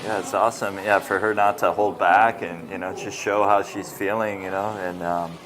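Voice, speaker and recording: A man co-commentating a live surf contest, easygoing and relaxed in his analysis. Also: sits low, moderate pace. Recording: noticeable background noise.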